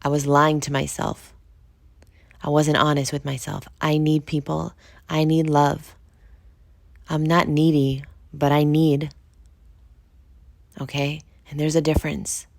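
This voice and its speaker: Low-voiced woman, frank podcast monologue. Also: little pitch movement, measured pace, vocal fry, long pauses, a little mellow, no echo. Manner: frank and confessional, swears freely; conversational, asks listeners direct questions. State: just woke up. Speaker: podcast host. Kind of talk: candid solo monologue.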